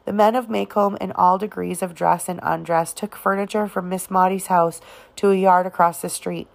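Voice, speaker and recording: A woman narrating an audiobook of a novel, reading in a halting way with occasional restarts on words. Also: lowish voice, creaky. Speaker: audiobook reader.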